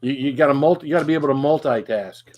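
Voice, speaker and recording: A man co-hosting a relaxed live chat, his voice sitting at an ordinary middle pitch. He jokes around and rambles, often restarting his sentences. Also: racing, highs cut off. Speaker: livestream co-host.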